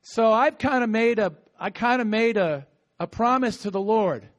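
Male preacher with a high voice, lively and chatty, coaxing the crowd to answer back. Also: moderate pace. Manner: animated, talkative, with bursts of laughter and call-and-response. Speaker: pastor. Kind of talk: sermon. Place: outdoor gathering with insects audible. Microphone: no microphone at times.

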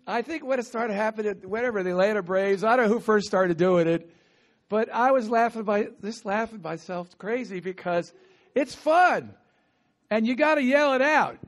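Man, pastor, high voice, animated sermon, call-and-response. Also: normal speed. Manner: animated, talkative, with bursts of laughter and call-and-response. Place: outdoor gathering with insects audible. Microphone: no microphone at times.

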